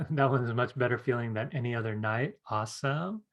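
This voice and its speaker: A man teaching a live online psychic class, talking in a relaxed, chatty way and reading viewer comments aloud. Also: mid-range voice, moderate pace, lo-fi sound. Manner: soothing guided-meditation tone. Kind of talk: casual live-stream teaching.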